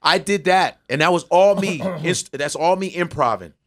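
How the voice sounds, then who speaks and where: A middle-aged man, a comedian originally from Nigeria, telling stories loudly and profanely, acting out everyone he quotes. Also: sits high, normal speed. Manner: loud, profane, acts out people in quoted voices. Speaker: comedian guest. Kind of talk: animated storytelling with voices.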